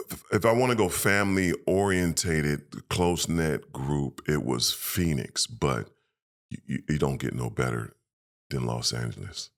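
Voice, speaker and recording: Low-voiced guy on a podcast, ex-hooper, gets emotional telling stories, acts out what people said. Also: gravelly. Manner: emotional, animated storyteller acting out quotes. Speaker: former pro basketball player, guest. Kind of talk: casual storytelling interview.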